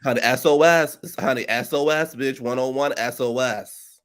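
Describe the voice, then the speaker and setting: A man's voice: medium pitch, normal speed, fairly bright tone. A man co-hosting a casual chat, sassy and joking, cursing often. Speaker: co-host.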